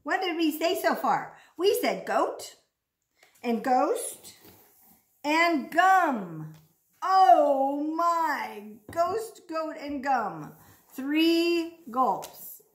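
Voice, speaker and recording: A woman speech therapist coaches children through sound drills in a playful, exaggerated voice. Her pitch sits high and leaps around in sing-song swoops, and she takes her time over every word. The room around her is echoey. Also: sing-song, extremely slow. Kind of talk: speech practice lesson for children. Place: home room.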